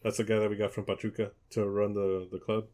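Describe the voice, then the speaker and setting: A man hosting a football podcast in casual chat, relaxed and hesitant, with many ums and restarts. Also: fairly low pitch, fast. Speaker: podcast host.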